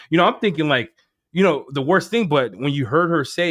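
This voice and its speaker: Animated joking man telling stories. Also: fairly high pitch, a little fast. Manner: animated storyteller, joking, swears casually. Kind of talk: casual livestream chat.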